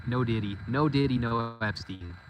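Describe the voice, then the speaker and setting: A man's voice: mid-range voice, moderate pace. A man of forty, walking around his goat farm and talking playfully to his goats in casual chat. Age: 40s. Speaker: vlogger. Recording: outdoor noise behind. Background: goats and outdoor ambience.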